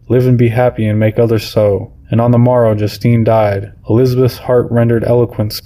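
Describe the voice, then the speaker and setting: A male narrator reads a classic novel aloud at a deliberate pace, sometimes restarting a word. His voice is very dark and mellow, with a mid pitch that barely moves. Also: far from the mic. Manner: deliberate reading with occasional restarts. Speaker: audiobook narrator.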